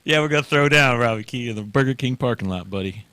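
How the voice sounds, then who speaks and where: Give me a man hosting a loose, jokey talk show who keeps teasing the panel. His voice sits at an ordinary middle pitch and sounds dry and close, with no room around it. He talks playfully. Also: quick pace, sharp tone, smooth, dry recording. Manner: playful, teasing, laughs often. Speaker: show host. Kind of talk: casual comedic chat.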